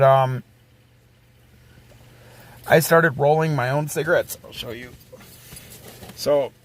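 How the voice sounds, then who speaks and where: A man's voice: on the high side, a little hiss or hum. A man hosting a casual livestream, rambling and swearing freely as he reads and answers chat messages aloud. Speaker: livestream host.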